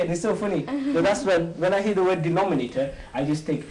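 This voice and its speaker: A man hosting and teaching an informal maths lesson, quizzing a few students with quick questions and joking as he goes. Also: high voice, crowd noise, low-quality recording. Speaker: maths teacher and show host.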